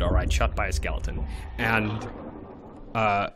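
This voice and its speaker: A man's voice: lowish voice, fairly even intonation, measured pace. A man chatting casually and telling a rambling, joking story while streaming a game alone. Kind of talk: casual solo stream chat. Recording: game music playing behind.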